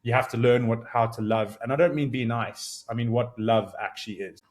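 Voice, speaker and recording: A man in his thirties talks through his ideas alone on his podcast, earnest and searching. His voice climbs when he gets excited and settles back down as he reflects. He often restarts his sentences while he works out what he means. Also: medium pitch, brisk. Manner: earnest, animated, rising with excitement, thinks aloud with restarts. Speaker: podcast host. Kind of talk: solo reflective podcast monologue.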